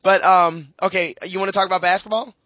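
A man from New Orleans hosts a casual sports podcast, rambling between jokes and asides. His voice sits a bit high. It is recorded dry and slightly dull, with no room sound. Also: steady tone, sharp tone, no echo. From New Orleans, Louisiana. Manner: rambling, jokey, quick asides. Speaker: podcast co-host.

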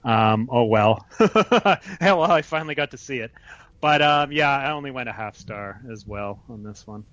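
A man's voice: mid-range voice, lively intonation, normal speed, fairly bright tone, no echo, muffled recording. A man co-hosting a casual podcast, easygoing and thoughtful as he gives his view of a match. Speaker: podcast co-host. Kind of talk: casual wrestling review chat.

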